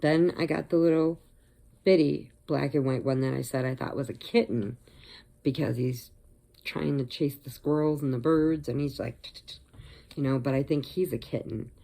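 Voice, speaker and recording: Older woman, chatty crochet vlogger, low gravelly voice, mellow tone. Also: steady tone, normal speed. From Illinois. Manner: chatty, rambling, laughs often. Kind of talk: casual chat.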